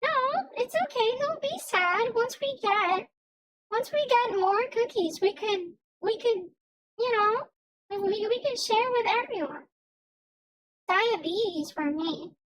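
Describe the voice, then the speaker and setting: A woman's voice: extremely high pitch, takes it slowly, fairly bright tone, poor audio. A young woman streamer in casual livestream chat, rambling and often stammering and restarting her sentences.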